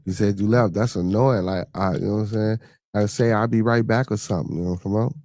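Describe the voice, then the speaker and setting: A man with a lowish, darkish voice talks a little fast with fairly even intonation, and there's no room sound. Laid-back as host of a casual podcast live stream, he reads the chat and responds to viewers using loose slang.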